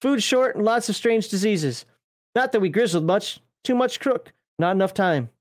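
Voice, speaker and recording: A man's voice: sits high, expressive, racing, warm tone, no room sound, clean studio sound. A man reading a game book aloud in character, voicing a male outback survivor who tells the tale of the apocalypse. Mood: storytelling.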